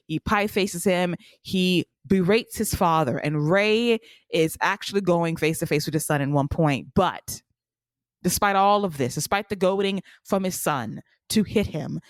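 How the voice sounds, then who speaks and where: A woman's voice: sits low, dry recording. A woman co-hosting a wrestling podcast, recapping matches in a blunt, sarcastic manner. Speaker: podcast co-host.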